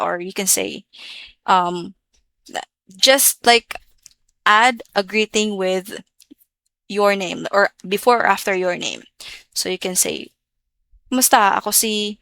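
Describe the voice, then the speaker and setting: A woman walks through a relaxed, chatty language lesson at a middling pitch. She repeats each example phrase a few times. The sound is dry and close, with no room around it. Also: no echo. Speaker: language teacher.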